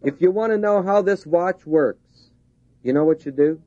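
A man's voice: a little high, moderate pace, dark tone, no room sound. A man preaching a sermon, driving his points home with repeated, rising emphasis. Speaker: pastor. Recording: dull lo-fi 1970s tape.

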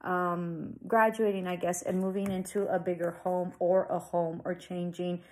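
A woman's voice: on the low side, level tone, moderate pace, a little mellow, poor audio. A woman reading tarot cards for her viewers in a loose, reassuring way, full of fillers and "okay?" tag questions. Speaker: tarot reader. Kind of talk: casual tarot reading to camera.

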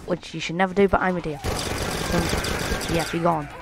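A woman hosting a playful, excitable let's play, chatting to her viewers as she plays. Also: fairly low pitch, moderate pace, over music. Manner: playful, excitable, talks to viewers as lads and guys. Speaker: gaming channel host.

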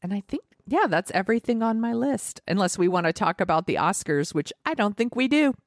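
In a clean studio recording with no room sound, a woman co-hosting a podcast chats casually in an animated, brisk, mid-range voice. She giggles and rambles, filling her recommendations with lots of "like."

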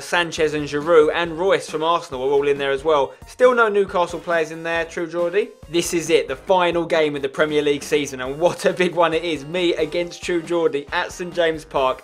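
A young man commentating his own football management game, excitable and yelling at his players. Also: a little high. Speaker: gaming YouTuber.

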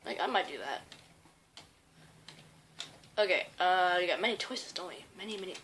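A woman's voice: fairly low pitch, expressive, moderate pace, fairly bright tone, a little hiss or hum. A young woman casually commenting while playing a video game, rambling and easily surprised. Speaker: gaming YouTuber. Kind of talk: casual let's-play commentary. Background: game music.

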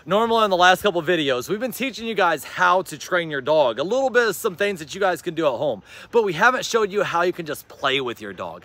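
Outdoors in a yard, a man with a voice on the high side vlogs while playing fetch with his dog. He offers his viewers casual, rambling advice and calls out to the dog in an excited, encouraging tone.

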